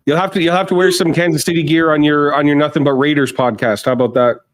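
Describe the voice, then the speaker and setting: Man, podcast host, smooth clear voice, easygoing, laughs a lot. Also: a little high, steady tone, quick pace. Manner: easygoing, laughs often, hesitant fillers. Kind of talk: casual podcast hosting.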